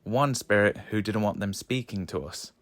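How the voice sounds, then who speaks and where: A man, a little low in pitch, narrates a voice-over. He sounds relaxed and pauses often with fillers. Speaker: ghost hunt vlogger. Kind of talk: explanatory voice-over.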